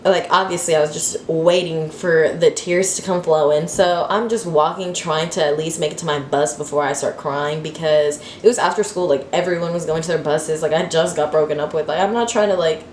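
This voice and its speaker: Young woman vlogger, lively storytime delivery, lowish voice, echoey room. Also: brisk, few pauses. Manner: animated, dramatic storytelling with constant fillers. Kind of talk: storytime vlog. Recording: roomy echo with faint hiss.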